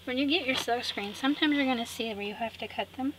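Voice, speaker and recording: A woman's voice: a little high, quick pace, a bit bright, low-quality recording. A woman hosting a craft tutorial, chatting to viewers and talking herself through the steps with cheerful asides. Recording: clear background noise.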